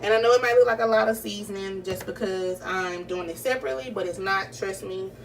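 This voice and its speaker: A woman's voice: medium pitch, a little fast, creaky. A young woman, chatting through a home cooking tutorial and calling the viewers y'all. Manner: chatty, addresses viewers as y'all and you guys. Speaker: cooking vlogger. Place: home kitchen. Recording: slightly distant camera mic, faint room noise.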